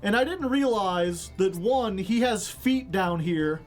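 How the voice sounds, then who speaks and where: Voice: medium pitch, expressive, slow pace, faint music behind. A streamer giving casual, rambling commentary on a card game, joking and laughing often.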